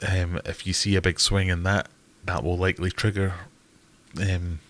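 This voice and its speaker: A man's voice: deep voice, little pitch movement, normal speed, fairly bright tone. A man with a Glaswegian accent hosting a casual live-stream Q&A, chatty and jokey as he answers viewers. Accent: Scottish, Glaswegian. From Scotland. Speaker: host.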